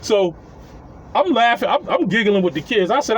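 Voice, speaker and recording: A man's voice: high voice, expressive, moderate pace, slight background noise, rough recording. Chuckling, profane male storyteller. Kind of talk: casual storytelling.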